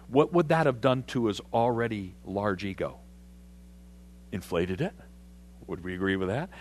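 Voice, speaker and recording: A man preaching a sermon, animated and conversational, putting questions to his congregation. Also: on the low side, measured pace, long pauses, a little hiss or hum. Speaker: pastor.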